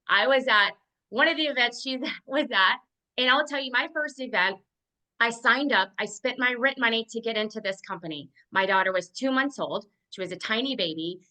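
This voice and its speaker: A woman's voice: a little high, pushed and bright, low-quality recording. A woman and team leader giving an earnest motivational testimonial on a video call, with a lot of "like" in her speech.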